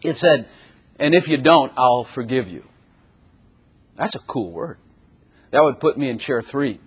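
A man's voice: mid-range voice, lively intonation, unhurried, husky. A man preaching a sermon who often laughs and acts out little voices as he talks.

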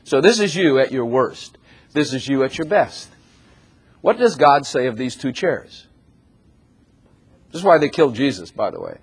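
A man's voice: medium pitch, big pitch swings, normal speed, pauses often, slightly rough. A man preaching a sermon who often laughs and acts out little voices as he talks.

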